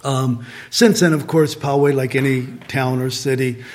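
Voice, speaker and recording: A man's voice: mid-range voice, fairly even intonation, normal speed, a little mellow. A man from Southern California preaching a sermon in a conversational way, returning to repeated refrains and asking rhetorical questions. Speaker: pastor.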